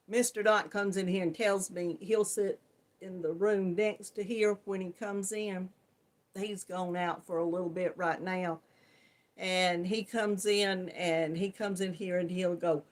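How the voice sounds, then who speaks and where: A woman's voice: mid-range voice, slow, fairly bright tone. A woman hosting a crafting channel, chatting casually on a live stream, laughing often and greeting viewers by name.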